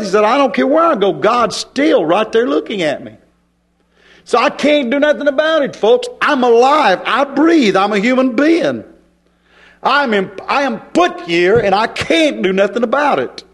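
A man delivers a folksy sermon in a fairly high voice that swoops up and down with lively emphasis. He talks plainly, with rural grammar, and repeats short phrases for rhythm. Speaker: preacher.

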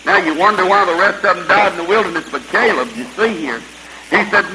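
A man preaching a sermon in a folksy way, retelling scripture stories with lively quoted dialogue. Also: high-pitched, fairly quick, noisy background. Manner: folksy Southern-style preaching with vivid retold quotes.

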